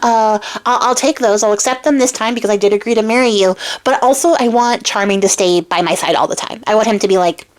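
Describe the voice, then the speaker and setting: A woman's voice: mid-range voice, fast talker, hardly any pauses, natural voice. A woman voicing a beautiful, self-assured young princess who chats in a casual, offhand way.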